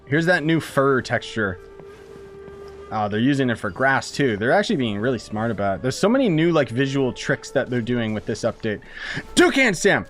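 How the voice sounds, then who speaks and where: A man's voice: mid-range voice, lively intonation, fairly quick, soft background music. A man casually commenting as he plays a game, chatty and joking while the game talks. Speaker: game streamer.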